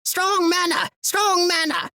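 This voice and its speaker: A shrill, squawking female bird beast cries out in alarm, her voice pitched far above a normal speaking voice. She sounds frantic and urgent, as a male narrator puts her on for an audiobook. The recording is close and dry. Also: fairly even intonation, slow pace, sharp tone, no room sound, exaggerated voice. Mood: panicked.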